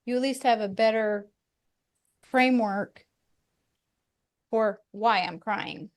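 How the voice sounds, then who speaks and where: A woman's voice: fairly high pitch, steady tone, takes it slowly. A middle-aged woman co-hosting a family podcast, chatty and laughing as she tells stories about her marriage. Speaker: podcast co-host. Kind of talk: casual conversational teaching.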